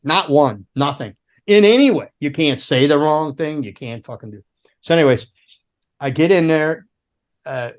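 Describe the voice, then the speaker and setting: A middle-aged man who once worked as a roadie and guitar tech tells long, rambling stories in casual chat, swearing often and laughing through them. He jumps into sudden high voices to act out the people he describes.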